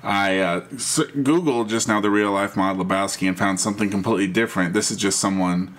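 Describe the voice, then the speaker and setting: A man co-hosting a casual chat, with halting speech and dry asides. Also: lowish voice, fairly even intonation. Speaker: podcast co-host.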